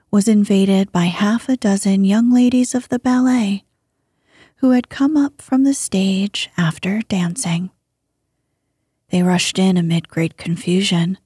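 Close to the mic, a woman tells a bedtime sleep story in a soothing, hushed tone that often sinks to a whisper. Her voice is mid-range and husky, and the recording has no echo.

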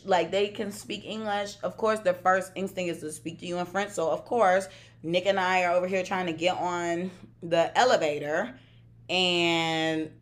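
An American woman co-hosting a podcast, telling a travel story in animated casual chat, laughing often and acting out what people said. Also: fairly low pitch. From United States. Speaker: podcast co-host.

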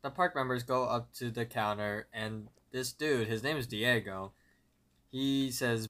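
Man, podcast co-host, mid-pitched, relaxed, conversational, hesitant fillers. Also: normal speed. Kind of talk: casual episode recap.

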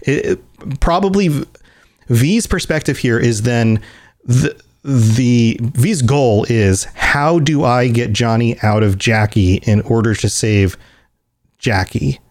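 A man's voice: mid-range voice, takes it slowly, a little mellow. A man co-hosting a casual podcast, talking in a rambling way with many restarts, laughing as he acts out scenes. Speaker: podcast co-host. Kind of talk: casual chat.

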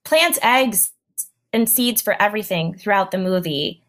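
A woman casually chatting about a film, calmly offering her theories. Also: medium pitch, unhurried. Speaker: podcast co-host.

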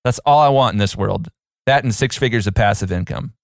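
A man's voice: fairly low pitch, brisk, creaky, no echo, studio quality. Playful male podcast co-host. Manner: playful, fond of doing voices. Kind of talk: casual chat.

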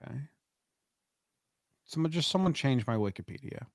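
A laid-back man chatting on a podcast, rambling along with plenty of filler words. His voice sits at an ordinary middle pitch. The sound is close and dry, with no room around it. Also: animated, moderate pace, dry recording. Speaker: podcast co-host. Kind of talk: casual chat.

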